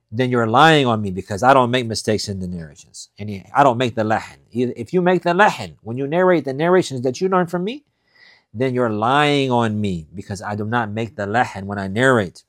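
Fast-talking male teacher, dry sound. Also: mid-range voice, no room sound. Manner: reads Arabic quickly, then explains it in English with repetition; deliberate, emphatic, repeats key points. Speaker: Islamic studies teacher. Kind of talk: recorded lesson explaining classical texts.

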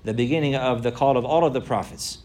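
Fast-talking male religious teacher. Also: mid-range voice, darkish tone. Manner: repeats key phrases for emphasis; recites Arabic phrases quickly. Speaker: Islamic teacher. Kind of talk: religious lesson.

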